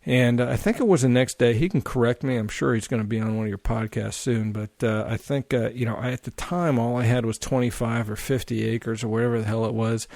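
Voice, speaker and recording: A man guesting on a podcast, telling a long casual story in a rambling, animated way full of fillers and swearing. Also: mid-range voice, a little fast, gravelly, hardly any pauses, no room sound.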